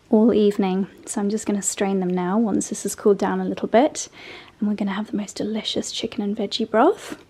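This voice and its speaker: A young woman with a slightly high, darkish voice vlogs casually to camera from her country home, inside and out in the garden. She is gushing and affectionate as she walks viewers through her day.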